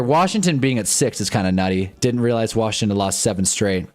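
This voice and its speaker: A young man with a fairly low, expressive voice talks fairly quickly as he hosts a live fan stream. Watching a football game, he's wry and exasperated, his commentary loose and meandering into casual chat, with faint music behind him.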